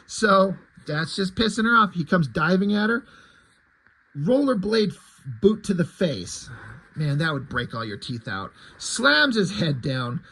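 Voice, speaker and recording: A man's voice: high voice, sing-song, a little slow, bright, forceful tone, husky, low-quality recording. A man casually retelling a comic book story, enthusiastic and chatty.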